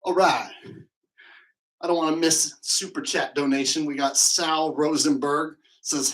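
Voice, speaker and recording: A man's voice: on the high side, steady tone, a little slow, fairly bright tone, rough recording. A man hosting a livestream, hyping the chat with chanted crowd calls and rambling into comic rants. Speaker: livestream host.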